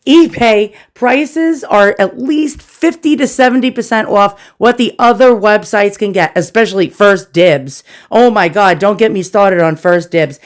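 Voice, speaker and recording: A woman with a New York accent hosting a casual show-and-tell vlog, chatty and self-deprecating, addressing her viewers directly. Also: medium pitch. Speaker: antiques collector and channel host.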